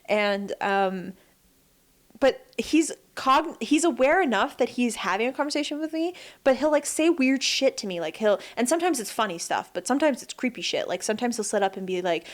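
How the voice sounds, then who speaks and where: A woman's voice: fairly high pitch, lively intonation, moderate pace. A woman co-hosting a podcast, telling stories in casual chat, acting out quotes, laughing often and swearing freely. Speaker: podcast co-host.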